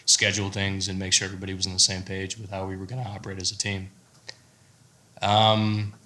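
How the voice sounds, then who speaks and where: An American man, a startup founder on a panel, giving a measured, explanatory answer. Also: fairly low pitch. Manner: measured, explanatory, steady delivery.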